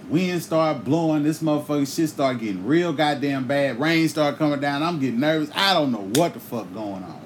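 A man hosting a podcast, telling a comic story in a loose, profane, animated way and breaking into sung bits now and then. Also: fairly high pitch, slight background noise. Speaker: podcast host.

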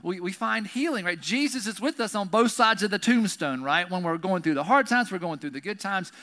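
High, forceful conversational preacher. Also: male voice, expressive, fairly quick. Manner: conversational, tags sentences with "right?". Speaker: pastor. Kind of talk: sermon.

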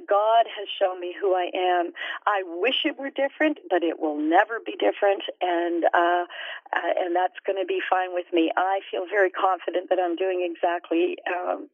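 A woman's voice: fairly low pitch, no room sound. A woman guest, an author and minister, speaks earnestly and reflectively about her faith, with many fillers. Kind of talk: faith-based interview talk. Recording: dry, tinny phone-like sound.

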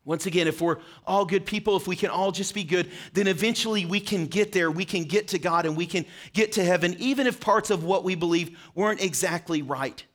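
A man's voice: high-pitched, a little fast, hardly any pauses, fairly bright tone. A man preaching a short sermon, earnestly asking questions and speaking directly to his listeners. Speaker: pastor.

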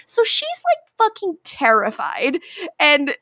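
Lively high-voiced woman podcaster. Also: no room sound, clean studio sound. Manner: animated, acts out characters' lines in quick voices, swears and laughs a lot. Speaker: podcast co-host recapping a TV episode. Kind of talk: casual chat.

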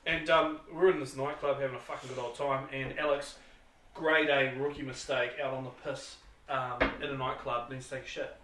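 A man's voice: mid-range voice, fairly even intonation, a little fast, a little hiss or hum. A man with a New Zealand accent co-hosting a podcast, telling crude, profane stories in a rowdy way. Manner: profane, rowdy, loud acted-out exclamations. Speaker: podcast co-host. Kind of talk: crude casual storytelling. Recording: echoey room, mic at a distance.

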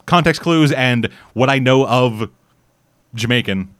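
A man's voice: mid-range voice, unhurried, a bit bright, no room sound, clean studio sound. A Canadian man casually reviewing a series in rambling, profane chat full of restarts. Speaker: podcast host reviewing a series.

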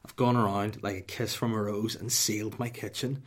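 A man, telling a profane, rambling comic story on a podcast. His voice sits slightly low, and he jokes his way through the tale in a loose, casual way. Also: fairly even intonation, moderate pace.

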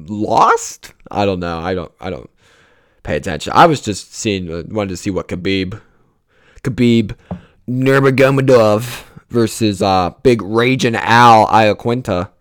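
A young man hosting a casual solo podcast, rambling and swearing freely, with many restarts. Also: on the low side. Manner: rambling, profane, restarts a lot. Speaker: podcast host.

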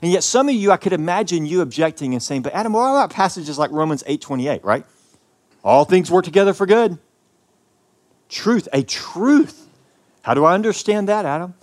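A male pastor from the American South delivering a sermon, preaching with passion and sweeping from loud peaks to hushed lines. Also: mid-range voice. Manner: impassioned preaching with big swings in loudness.

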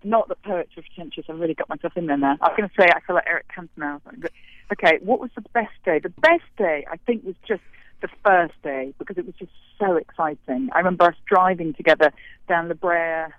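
A woman's voice: lowish voice, fast, no room sound. A woman actress, chatting in an interview about her show, self-deprecating and rambling with restarts, talking from a street. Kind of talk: casual interview chat. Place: outdoors on a street. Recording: tinny phone line.

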